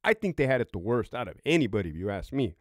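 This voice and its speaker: A man's voice: medium pitch, sing-song, quick pace, no echo, clean studio sound. A middle-aged man, a former prison guard and veteran, telling stories in a profane, rambling, casual way. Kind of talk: casual vlog storytelling.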